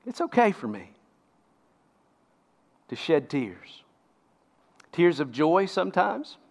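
A man preaching a sermon as a pastor, emphatic and often asking the congregation rhetorical questions. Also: on the high side.

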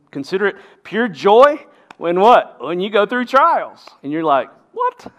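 A man preaching a sermon as a pastor, emphatic and often asking the congregation rhetorical questions. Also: mid-range voice.

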